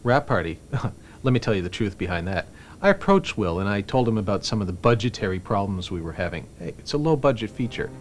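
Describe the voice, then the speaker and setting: A man's voice: on the low side, big pitch swings, a little fast, a little hiss or hum. A man as a film producer in a mockumentary interview, ranting and sarcastic, swearing freely. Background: music.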